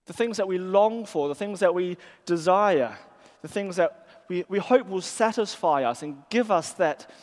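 A man's voice: high voice, lively intonation, moderate pace, darkish tone. A man with a New Zealand accent preaching a sermon to a church, telling stories in a conversational way. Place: church hall. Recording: church hall reverb.

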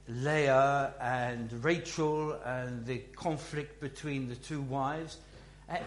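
A man teaches from the Bible in an unhurried, musing way, often restarting his sentences. His voice sits a little high. The room is echoey, with a faint hum behind him. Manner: slow, musing delivery with many restarts. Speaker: preacher.

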